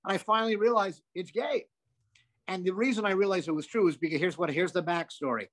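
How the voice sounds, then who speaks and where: An older man, a comedian guest, telling animated anecdotes with lots of asides and some swearing. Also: sits high, fast. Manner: animated, profane, rambling with asides. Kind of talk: anecdotal storytelling.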